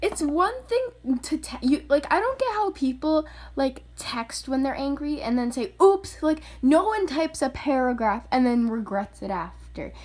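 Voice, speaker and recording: A woman's voice: high voice, lively intonation, moderate pace, a little mellow. A woman vlogger telling a story in casual chat, filler-heavy and quoting voices with animation. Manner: chatty, filler-heavy, often says "like".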